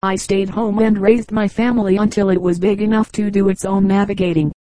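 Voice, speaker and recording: A woman reading the lines of a blunt, stubborn older riverboat captain with a hoarse, deep voice. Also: steady tone, brisk, warm tone, dry recording, natural voice, low-quality recording. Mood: blunt, firm. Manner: blunt, firm retorts.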